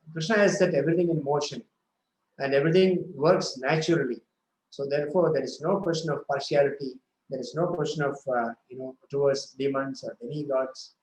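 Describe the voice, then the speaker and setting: A man with a fairly high voice gives a devotional scripture talk. He retells the story at an unhurried pace and stops often to correct himself. The room is echoey, with a faint hum of ambience behind him. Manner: retells the story slowly, with frequent self-corrections. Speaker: scripture speaker.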